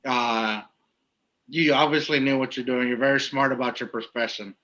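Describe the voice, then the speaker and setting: Chatty man with a bright, lo-fi podcast sound. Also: medium pitch, fairly even intonation, moderate pace. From Texas. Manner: rambling, lots of "like" fillers. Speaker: podcast co-host. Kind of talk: casual podcast interview.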